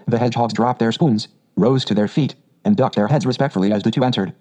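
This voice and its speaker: A man reading a storybook aloud as narrator, in a measured, gentle storytelling manner. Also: medium pitch.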